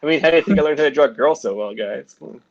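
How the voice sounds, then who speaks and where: A man's voice: medium pitch, fast talker, creaky. Casual guest: a man from New Jersey, joking and easygoing, trailing into fillers. Sounds like a muffled video call. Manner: laid-back, jokey, trails off with fillers. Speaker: guest comic artist. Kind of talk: casual chat.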